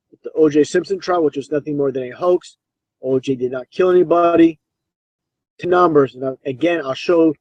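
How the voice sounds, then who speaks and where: A man's voice: fairly high pitch, no echo, dull audio. A man giving scornful, insistent commentary over old clips. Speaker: video commentator.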